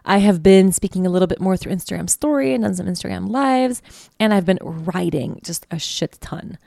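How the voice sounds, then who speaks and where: A woman's voice: on the low side, expressive, normal speed, gravelly, warm tone, dry recording, studio quality. A woman hosting her own podcast, talking in a casual, heartfelt, reflective way from a guest bedroom, often restarting her sentences. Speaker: podcast host. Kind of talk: casual solo podcast monologue. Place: guest bedroom, sitting on a bed.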